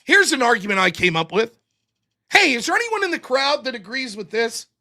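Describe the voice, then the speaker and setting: A man from the United States hosts a political livestream and rants with sarcastic, profane heat. His voice sits high and bright, and his pitch leaps about as he swings from mock calm to shouting. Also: a little fast. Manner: sarcastic, profane, heated ranting. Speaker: political talk show host.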